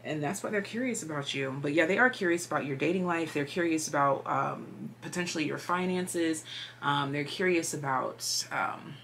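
A woman with a low voice gives a casual tarot reading in a rambling, chatty way. She leans on fillers and sometimes drops to a hushed whisper, with faint noise in the background. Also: moderate pace, vocal fry. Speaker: tarot reader.

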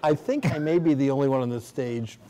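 Older man, stage panel moderator, rambling restarts, average pitch, live Q&A. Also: dark tone. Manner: rambling, halting questions with many restarts. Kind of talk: onstage Q&A conversation. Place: theater stage before an audience.

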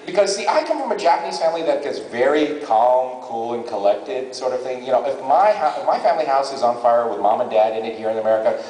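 Animated comedian in a big hall. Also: male voice, medium pitch, fast talker, few pauses. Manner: animated, jumps into character voices. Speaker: stand-up comedian. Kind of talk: live comic storytelling. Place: large convention hall. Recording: echoey hall from far off.

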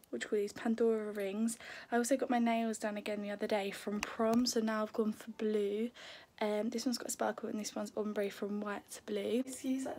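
Teenage English girl, casual vlog chatter, slightly high, filler-heavy. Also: a little mellow, slightly rough, rough recording. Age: teens. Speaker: vlogger. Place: at home in front of a mirror.

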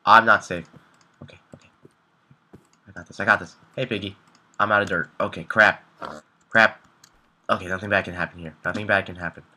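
Young male gameplay commentator, low and bright, jittery, frantic repeated words. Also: fairly even intonation, a little fast, pauses often.

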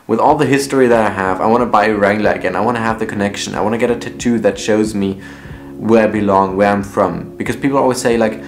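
A young man speaks in a low, earnest voice in a casual personal vlog. He sounds reflective and often restarts his sentences. Faint laid-back guitar music plays behind him. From Germany, raised partly in the US. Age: young adult. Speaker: vlogger.

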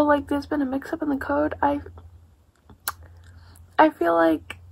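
A woman chatting casually in a reading vlog, rambling and excitable, swearing freely and sometimes dropping to a hushed near-whisper. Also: high-pitched, vocal fry, slight background noise. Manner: drops to a hushed near-whisper late at night. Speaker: book vlogger.

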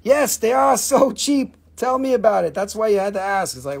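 Male live-sale host: high, husky voice, jokey, rattles off names and prices. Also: animated, moderate pace. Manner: joking, chatty, calls out buyers' names and prices. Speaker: host selling crystals on a live stream. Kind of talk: live sales stream chat.

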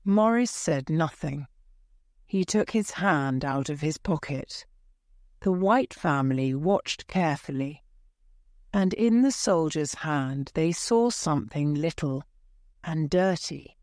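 Slow, measured storybook narrator. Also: mid-range voice, expressive, a little mellow, no echo, studio quality.

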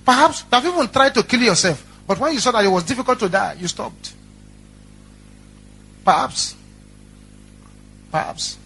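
A man's voice: very high-pitched, very animated, normal speed, pauses often, pushed and bright, slightly rough. A male pastor preaching a sermon and telling stories in a dramatic, repetitive, emphatic way. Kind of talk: sermon storytelling.

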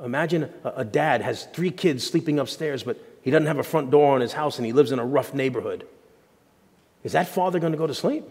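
Guy pastor preaching, kinda high voice, church echo, jokey then goes quiet and intense. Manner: animated, jokey preaching with sudden shouts and hushed asides. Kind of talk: sermon. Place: church sanctuary.

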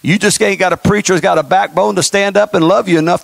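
A man's voice: sits high, steady tone, fast talker, creaky, hardly any pauses, no echo. A male pastor preaching a sermon, impassioned and folksy, with mocking asides.

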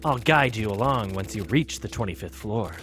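A man's voice: lowish voice, lively intonation, normal speed, pitched below the performer's own voice, close to an everyday voice. A man putting on a courteous, sinister translator. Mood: teasing. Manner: smooth, courteous, quietly menacing. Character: polite sinister male translator. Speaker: reading a game character aloud.

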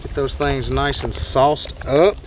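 A man hosting an outdoor fishing and cooking vlog near a pier, talking in an excitable, joking, folksy way. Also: mid-range voice, slow pace, music in the background. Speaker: fishing vlogger, host.

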